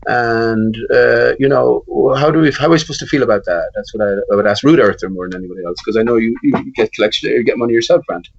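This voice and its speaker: A man asks long, probing questions on a live chat panel and often restarts his sentences. His voice has a medium pitch and comes through dull, lo-fi call audio. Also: fast, creaky, hardly any pauses, slight background noise. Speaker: panel guest. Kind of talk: casual discussion.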